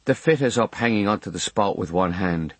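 A man's voice: lowish voice, expressive, fairly quick, husky, dry recording. A man reading a memoir audiobook in a wry storytelling manner. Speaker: audiobook narrator.

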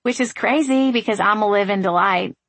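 A woman voicing a sarcastic, stubborn young woman who talks in a sharp, sardonic way. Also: medium pitch, no room sound. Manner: sharp, sardonic, quick to snap.

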